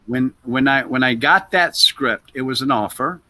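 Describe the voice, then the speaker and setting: A man who is an actor, telling stories as an interview guest in a loose, animated way that trails off into "blah, blah.". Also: mid-range voice, moderate pace. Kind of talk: anecdotal interview storytelling.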